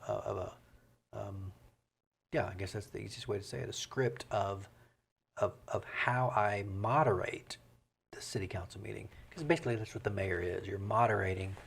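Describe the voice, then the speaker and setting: A man's voice: lowish voice, vocal fry, a little hiss or hum. A man with a Southern US accent, a mayor speaking as an interview guest in casual, rambling talk with many fillers. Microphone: studio microphone.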